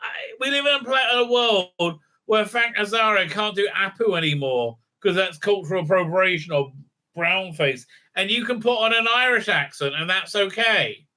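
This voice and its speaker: Male reviewer, sarcastic and foul-mouthed, stumbling through fillers; sharp, somewhat high voice. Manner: sarcastic, profane, halting with many fillers. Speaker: TV show reviewer. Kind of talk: ranting recap and review.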